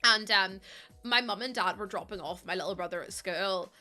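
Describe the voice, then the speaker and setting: A woman's voice: mid-range voice, moderate pace, bright, forceful tone, soft background music. A pregnant woman, chatting casually and telling stories while streaming a game. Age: 20s. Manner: chatty storytelling with laughs and acted-out quotes.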